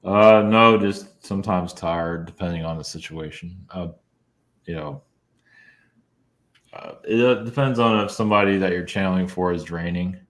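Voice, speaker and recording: Deep-voiced male guest, hesitant, casual interview delivery. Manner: soft-spoken, halting, many fillers and little laughs. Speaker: guest, channeler.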